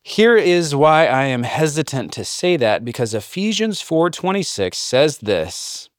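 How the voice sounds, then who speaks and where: A man's voice: on the high side, big pitch swings, measured pace, no echo. Casual middle-aged man teaching, dry sound. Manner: conversational, quotes scripture, self-deprecating humor. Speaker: podcast host and biblical counselor. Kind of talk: casual teaching podcast talk.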